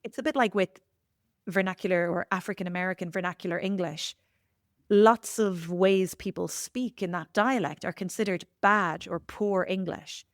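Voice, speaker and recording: A woman with an Irish accent, a language teacher speaking as a podcast guest in an articulate, explanatory way with lively emphasis. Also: lowish voice, normal speed, dry recording, studio quality. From Ireland. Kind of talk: podcast interview.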